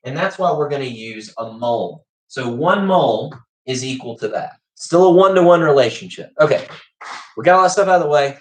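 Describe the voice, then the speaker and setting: A man's voice: mid-range voice, animated, fairly quick. A man teaching a livestreamed chemistry class, chatty and often checking in with "okay?". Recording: echoey room.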